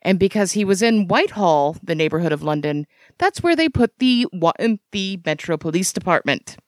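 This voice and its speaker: A woman's voice: lowish voice, expressive, moderate pace, no room sound, clean studio sound. A woman co-hosting a podcast, chatting casually and irreverently with rambling jokey asides about a TV episode. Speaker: podcast co-host. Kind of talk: casual chat recapping a TV episode.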